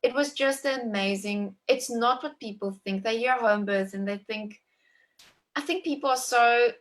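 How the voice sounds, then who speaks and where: A woman in her thirties tells the story of a birth at home in an emotive, animated way. Her voice sits a little high, and she keeps breaking off to restart her sentences, with "like" scattered all through. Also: a little slow. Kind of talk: personal birth story in conversation.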